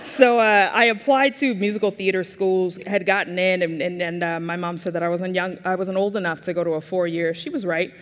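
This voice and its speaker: Thirtysomething woman doing a funny keynote, lively and self-mocking, voice ringing in a big hall. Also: on the low side, brisk, hardly any pauses. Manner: animated, self-mocking, comic timing. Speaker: keynote speaker. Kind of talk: humorous personal storytelling speech.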